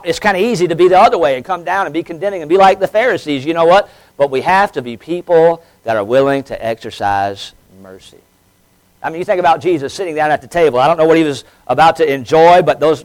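A man with a high voice preaches a sermon in a church. He swells loud and fast when he reads scripture, then falls soft and low on the words he wants to land. His talk is full of repeated words and quick fillers. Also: rough recording. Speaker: pastor.

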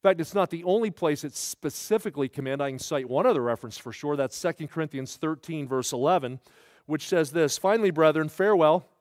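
A man's voice: a little high, lively intonation, fairly quick, darkish tone, dry recording, clean studio sound. A man preaching a sermon, telling stories in a folksy way and building to emphatic rises.

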